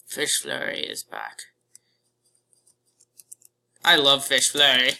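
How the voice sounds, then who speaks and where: A gamer narrates a match in real time with playful commentary, exclaiming at the action on screen. The voice has a sharp, very bright edge. The delivery is slow and drawn out. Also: mid-range voice, huge pitch swings, gravelly. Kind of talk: live gameplay commentary.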